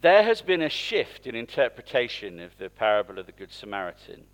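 A man's voice: mid-range voice, very animated, fairly quick. A man preaching in church, speaking conversationally and asking the congregation questions. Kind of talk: interactive sermon.

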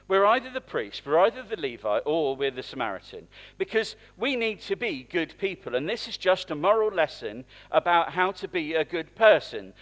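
A man's voice: high voice, fairly bright tone. A man preaching in church, speaking conversationally and asking the congregation questions. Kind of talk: interactive sermon.

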